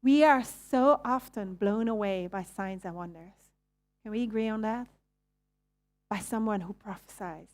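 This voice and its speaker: A woman's voice: medium pitch, unhurried. A woman with a Belgian Dutch accent preaching a sermon in a conversational way, asking the audience questions and correcting herself as she goes. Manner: restarts and self-corrections.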